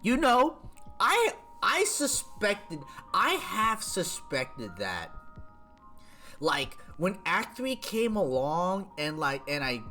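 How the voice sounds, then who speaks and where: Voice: medium pitch, wildly swooping pitch, slow pace, pushed and bright, faint music behind. A streamer chatting casually about a video game, rambling with lots of fillers and restarts.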